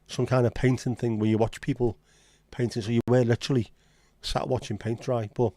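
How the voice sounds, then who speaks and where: A man's voice: medium pitch, flat delivery, brisk, warm tone, no room sound. Blunt Scouse man in casual chat. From Liverpool, England. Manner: blunt, sweary banter. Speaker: livestream host. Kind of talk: casual chat reading live comments.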